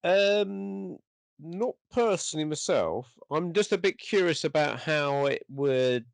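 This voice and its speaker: A man's voice: fairly high pitch, animated, takes it slowly, vocal fry, clear, resonant tone, dry recording. A male podcast host asking a guest a question in a hesitant, casual way. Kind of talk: interview.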